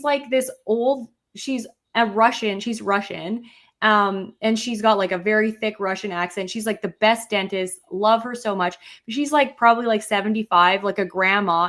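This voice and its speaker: A woman co-hosting a relaxed podcast conversation. She tells stories in an animated way, jumping up in pitch whenever she quotes herself. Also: measured pace. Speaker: podcast co-host. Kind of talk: casual chat.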